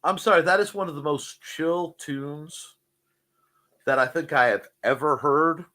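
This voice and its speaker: A man's voice: fairly high pitch, unhurried, sharp tone. A man hosting a casual morning show, joking, rambling and reading out chat messages. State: cold.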